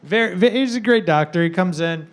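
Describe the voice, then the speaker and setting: A man's voice: high voice, animated, a little fast. A middle-aged man telling a comic story in casual chat, chuckling and repeating himself as he goes.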